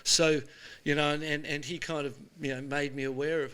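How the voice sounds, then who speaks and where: An Australian man in his sixties, an animated storyteller chatting casually as he is interviewed. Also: a little high, brisk, smooth. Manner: animated storyteller, says "mate" often. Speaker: show host being interviewed. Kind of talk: casual chat.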